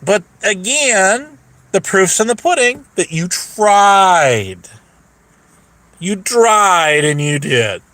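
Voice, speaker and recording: Male stream host, profane, animated storyteller, high lively voice, dry close sound. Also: very slow, dry recording. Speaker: YouTube livestream host. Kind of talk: casual rant to live chat.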